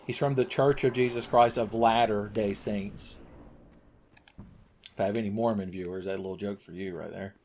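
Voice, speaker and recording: A man's voice: fairly low pitch, steady tone, moderate pace, darkish tone, a little hiss or hum. A man commentating his video game play with crude, sarcastic jokes. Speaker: gaming channel host.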